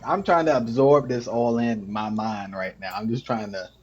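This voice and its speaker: A man's voice: mid-range voice, steady tone, normal speed, a crowd in the background. A man in a casual chat who talks hesitantly, stumbling and restarting his words. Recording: dull, lo-fi sound.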